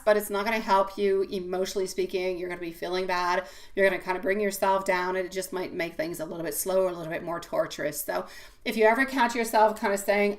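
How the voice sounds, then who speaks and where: A woman giving a live-stream tarot reading, delivering an encouraging, affectionate pep talk full of pet names. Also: medium pitch. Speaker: tarot reader.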